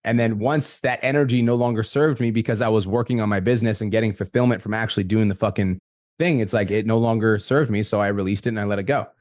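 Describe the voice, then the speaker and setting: This man hosts a podcast in casual conversation, talking fast and bluntly and swearing a lot. His voice is fairly low and darkish with a steady tone, recorded in a clean studio with no room sound.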